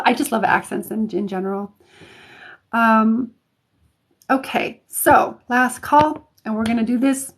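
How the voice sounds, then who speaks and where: A woman's voice: fairly high pitch, vocal fry. A woman hosting a live stream of intuitive readings, talking casually to viewers, chatty with many fillers and restarts.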